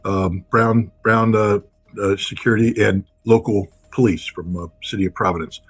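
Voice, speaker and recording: Husky, blunt-talking man. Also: fairly low pitch, steady tone, normal speed. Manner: emphatic, repetitive, blunt. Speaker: guest commentator. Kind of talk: impassioned political commentary.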